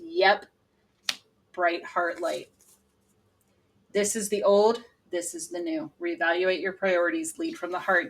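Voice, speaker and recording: A woman giving a casual, lively tarot reading to her viewers, laughing often and breaking into loud exclamations. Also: on the low side. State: sweating from channeling. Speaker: tarot reader.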